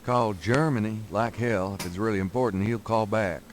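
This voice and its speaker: A man's voice: fairly low pitch, normal speed, a little hiss or hum, lightly acted. An actor playing a cocky, smart-mouthed man in a 1990s adventure game, talking in a teasing, lazy drawl.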